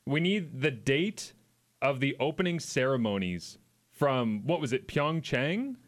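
A man's voice: mid-range voice, expressive, measured pace. Canadian guy co-hosting sports radio, middle-aged, laughs a lot, rambly. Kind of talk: casual radio banter. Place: radio studio.

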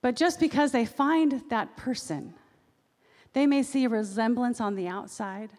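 A woman's voice: a little high, animated, measured pace, a little mellow. A woman preacher giving a sermon in a conversational way, with personal asides. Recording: long reverb of a large hall.

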